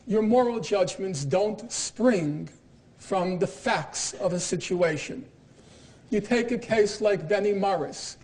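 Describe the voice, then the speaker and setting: A man's voice: sits high, slow, darkish tone. A middle-aged man giving a university lecture in an emphatic, argumentative way, with pointed irony. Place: lecture hall.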